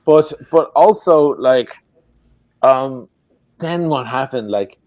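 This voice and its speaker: An Irish man talks loosely and animatedly, tearing into a story with blunt swearing and quick swings of emphasis. His voice sits at an ordinary pitch. The sound is dry and close, with no room around it. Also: dry recording. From Ireland. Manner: animated, profane ranting storyteller. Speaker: guest. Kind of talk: casual chat. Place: home in Venice.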